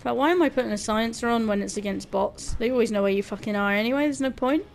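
A woman's voice: a little high, fast talker, creaky, slight background noise. A young woman streaming a shooter game, chatting casually with her viewers, joking, laughing and swearing freely. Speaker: gaming streamer.

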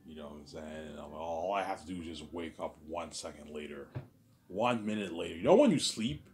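Low-voiced man, intense rambling solo talk, repetitive, trails off quietly, faint hiss behind. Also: a little fast. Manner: intense, swearing. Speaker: vlogger.

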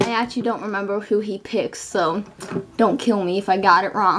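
A woman's voice: mid-range voice, steady tone, fairly quick, noisy background. A young woman making a homemade video, talking playfully and offhand in a casual aside. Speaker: video creator.

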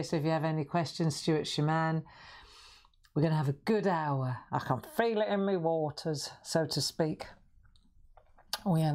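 A woman with a slightly croaky voice hosting a live craft stream, chatting and reassuring her viewers. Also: low voice, dark tone. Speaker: craft livestream host. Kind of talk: casual live-stream chat.

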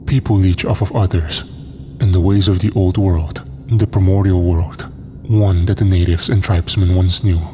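A man voicing a calm, zealous cultist who speaks in a deep, slow monotone. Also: close to an everyday voice. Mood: calm menace. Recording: long hall reverb with faint noise.

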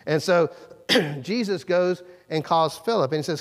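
Preacher guy, kinda high voice, chatty sermon, big church echo. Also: normal speed. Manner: conversational, acts out quoted lines with pitch jumps. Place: church sanctuary. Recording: long church reverb.

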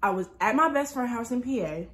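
A woman's voice: on the high side, lively intonation, brisk. A woman in her early twenties from New Jersey, telling a story casually and dramatically with lots of filler words. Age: early 20s. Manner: chatty, dramatic retelling with many "like" fillers. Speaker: lifestyle vlogger.

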